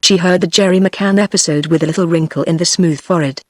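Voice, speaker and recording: A text-to-speech woman's voice with a British English accent, reading a novel aloud in even, machine-paced narration. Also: lowish voice, fast, no echo, studio quality. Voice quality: even, machine-read delivery. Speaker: audiobook narrator. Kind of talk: synthetic audiobook narration.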